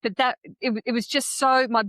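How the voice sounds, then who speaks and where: An Australian woman co-hosting a podcast, chatting casually and telling candid, animated stories with the odd swear word. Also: high voice, normal speed, no room sound. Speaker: podcast co-host. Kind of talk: casual conversational chat.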